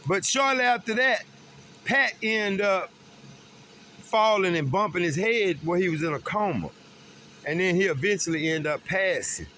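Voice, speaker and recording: A man's voice: high-pitched, lively intonation, normal speed, pushed and bright, slight background noise. A middle-aged man, talking earnestly and emphatically about grief, swearing freely. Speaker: vlogger. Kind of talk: personal talk about grief.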